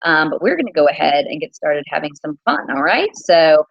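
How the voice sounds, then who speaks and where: A woman teacher hosting a casual quiz livestream from her small home, chatty and repeating things slowly. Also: deep voice, big pitch swings, vocal fry, no echo, highs cut off.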